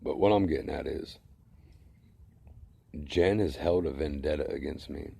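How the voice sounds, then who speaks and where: A man's voice: rumbling low, a little slow, vocal fry, warm tone, breathy edge, no echo. A middle-aged man ranting to camera in a blunt, heated, profane way. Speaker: vlogger. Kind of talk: angry casual rant to camera.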